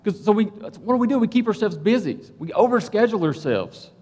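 Man preaching through a personal anecdote, lively pitch, echoing hall. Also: a little fast, breathy edge. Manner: animated, conversational, keeps asking "right?". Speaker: police officer and church speaker. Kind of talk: sermon storytelling.

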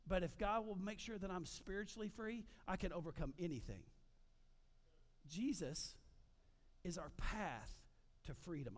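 A man preaching a sermon as pastor, animated, with frequent asides to the congregation. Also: high voice.

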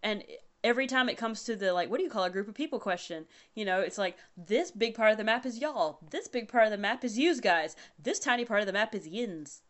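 A woman from the US South chatting casually in a relaxed, wry way. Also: medium pitch, a little fast, few pauses. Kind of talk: casual chat.

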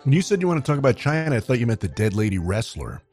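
A man co-hosting a podcast who fires off dry, deadpan quips in a casual chat. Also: medium pitch, racing, faint music behind. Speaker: podcast co-host.

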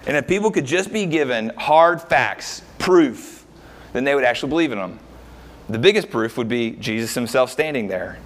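Male pastor mid-sermon, lively up-and-down delivery, casual asides and rhetorical questions. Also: medium pitch, moderate pace. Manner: animated, rhetorical questions, frequent uh fillers.

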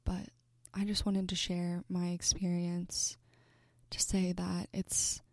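A young woman in her twenties talks earnestly to the camera, halting and restarting, her low voice gravelly with fry. Her delivery stays flat, and she often sinks into a breathy near-whisper. The recording is close and dry. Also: dry recording. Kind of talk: personal storytelling to camera.

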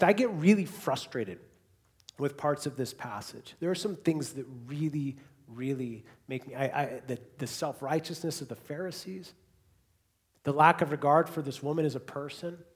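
A man preaching a sermon to a congregation in a church hall, moving between hushed, quiet repetitions and loud, emphatic bursts. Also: fairly high pitch. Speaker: pastor.

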